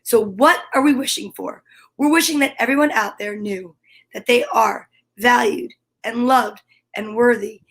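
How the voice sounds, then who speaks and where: A middle-aged woman hosting a home story time, talking warmly and encouragingly straight to her viewers. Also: fairly high pitch, moderate pace. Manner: warm encouraging, gushing, talks straight to viewers. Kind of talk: upbeat video chat to viewers. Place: home room by a window. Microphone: camera with ring light.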